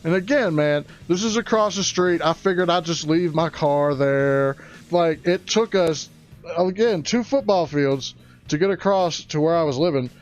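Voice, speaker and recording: A man telling a crude comic story, excitable and prone to loud rising outbursts. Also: on the high side, moderate pace, highs cut off, faint music behind. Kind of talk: stand-up storytelling.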